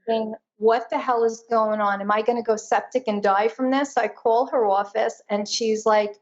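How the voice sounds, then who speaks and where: Animated woman telling a personal story. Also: on the high side, normal speed, few pauses, dull audio. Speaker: guest, energy intuitive.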